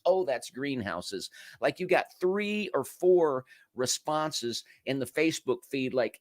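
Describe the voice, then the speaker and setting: A man hosts a casual livestream with a lively, up-and-down voice that swings through a wide pitch range. He fires off rhetorical questions and answers them himself. He speaks to viewers in the comments, and the sound is close and dry, with no room echo. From United States. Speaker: livestream show host.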